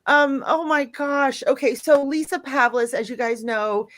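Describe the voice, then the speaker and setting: A woman's voice: high voice, unhurried. A woman hosting a live chat, chatty and upbeat, addressing viewers and guests directly. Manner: warmly upbeat, chatty, reads viewer messages. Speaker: live-stream host. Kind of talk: casual live-stream hosting.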